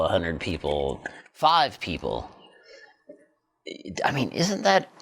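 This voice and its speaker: Lively low-voiced male podcast host. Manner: curious, affirming, many brief "yeah"s. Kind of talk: casual interview conversation.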